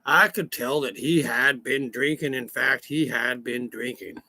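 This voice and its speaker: A rambling country cousin with a drawl, played by a man for a comic monologue. His gravelly voice sits fairly high and bright, and he drags every folksy sentence out slowly. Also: no echo, full character voice. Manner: slow, folksy, rambling storyteller.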